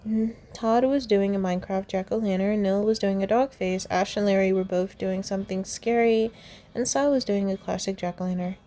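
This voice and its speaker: A woman's voice: mid-range voice, fairly even intonation, normal speed, mellow. A young woman reading a fan story aloud, voicing the characters in her own voice and laughing and commenting along the way. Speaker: fan fiction reader.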